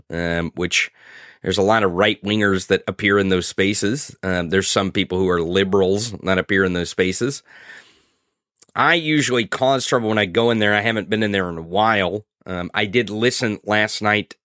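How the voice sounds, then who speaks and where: A man's voice: on the low side, bright, forceful tone, no room sound, clean studio sound. A man hosting a political podcast, talking in a profane, sarcastic, mocking way. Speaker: podcast host. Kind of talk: political commentary.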